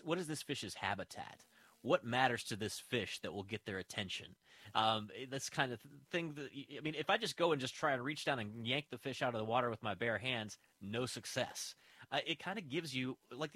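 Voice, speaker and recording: A man's voice: medium pitch, sharp tone, no room sound. A man hosting a radio interview, chatting loosely and asking questions. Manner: conversational, loose with fillers while asking questions. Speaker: radio host.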